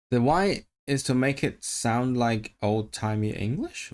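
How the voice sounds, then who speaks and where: A man's voice: medium pitch, animated, measured pace, few pauses, darkish tone. A man casually chatting on a language-learning livestream, musing aloud, answering chat and practising rolled R sounds.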